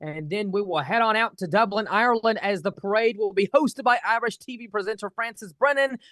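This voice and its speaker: A man's voice: high voice, brisk, pushed and bright, dry recording, studio quality. A man hosting a live holiday TV show, giggly and hesitant, often restarting his sentences when he is unsure. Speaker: host.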